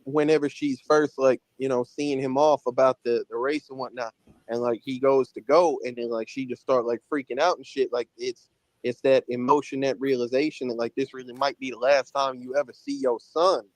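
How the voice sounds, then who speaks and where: Dude chatting a movie review, lots of likes and you knows, dry close sound. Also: male voice, medium pitch, steady tone, normal speed, dry recording, low-quality recording. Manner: loose, filler-heavy talk. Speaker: film reviewer in played clip. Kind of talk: casual review chat.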